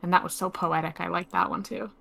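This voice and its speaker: A woman in a casual movie discussion, tentative and soft-spoken, sharing favorite lines she wrote down. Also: fairly low pitch, fairly even intonation, fast, creaky.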